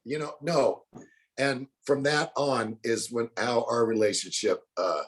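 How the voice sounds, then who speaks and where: A man's voice: medium pitch, fairly even intonation, a little slow. Older man telling rowdy stories. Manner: colorful storyteller, acts out quotes in other voices. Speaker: bounty hunter guest. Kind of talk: animated storytelling interview.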